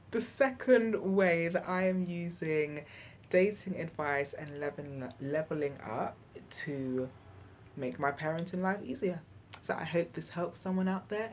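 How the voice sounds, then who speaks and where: Low-voiced mum vlogging parenting tips at home, chatty, laughs a lot, faint hiss behind. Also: female voice. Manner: chatty and candid, often laughs and acts out what she said. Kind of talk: casual advice vlog.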